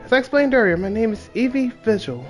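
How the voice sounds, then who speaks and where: A man's voice: sits high, big pitch swings, quick pace, soft background music, pitched above the performer's own voice. A man voicing a refined, mannered English lady client, reading game dialogue aloud with dramatic pleading. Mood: pleading, genteel.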